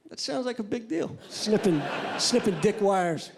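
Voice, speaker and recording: A male stand-up comedian doing a crude, deadpan, rambling set on a club stage into a handheld mic. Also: sits high, moderate pace, vocal fry, few pauses. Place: comedy club stage before a live audience. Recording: live club with loud crowd noise.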